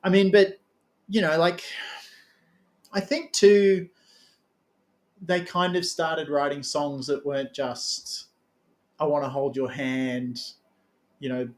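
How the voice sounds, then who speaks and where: A man interviewing a musician in a casual, chatty way, joking and thinking aloud. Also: on the high side. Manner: chatty, animated, quick to joke. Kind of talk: casual conversation.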